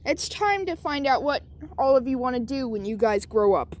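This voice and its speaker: A woman's voice: high-pitched, expressive, moderate pace. A woman voicing a brash, dismissive schoolteacher.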